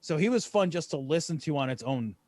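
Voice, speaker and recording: A man's voice: on the high side, fairly quick, dry recording, studio quality. A man co-hosting a podcast, chatting casually and jokingly and acting out other people's voices. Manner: lively, joking, acts out quoted voices. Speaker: podcast co-host. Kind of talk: casual chat.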